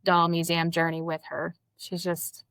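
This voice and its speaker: A woman guest chats with a fairly low voice, gushing and affectionate, often trailing off softly. Her voice sits close and dry, with no room echo. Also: completely flat delivery, measured pace, clean tone. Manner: warm, effusive, gushing about friends. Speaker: guest, paranormal investigator. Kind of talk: casual conversational interview.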